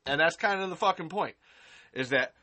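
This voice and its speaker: Her voice is fairly low, expressive, pushed, and bright, delivered at a moderate pace. As host of a live-stream podcast, she goes on an angry, sarcastic, expletive-laden rant, repeating herself to emphasize her points.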